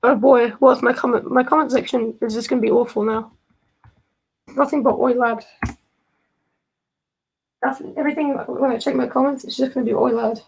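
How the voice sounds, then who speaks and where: A woman chats on a live stream in a jokey, rambling way, and she often drifts off topic. Her voice sits fairly high, with gravelly fry and a husky edge. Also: fairly even intonation, normal speed, pauses often, a little mellow, low-quality recording. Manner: rambling, jokey, easily sidetracked. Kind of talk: casual live-stream chat.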